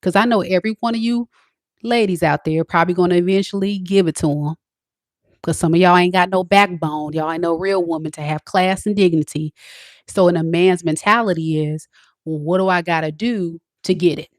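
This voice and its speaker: Blunt low-voiced woman giving advice. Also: brisk, dry recording, clean studio sound. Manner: blunt, preachy, talks straight to the women watching. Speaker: tarot reader. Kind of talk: direct-to-camera advice talk.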